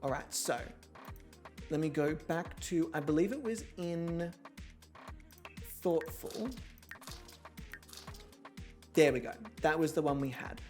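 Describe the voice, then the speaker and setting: A young man hosts a model-show game, chatting casually in a campy, self-mocking way and swearing often. His fairly high, darkish voice moves slowly with frequent pauses, with faint music behind him.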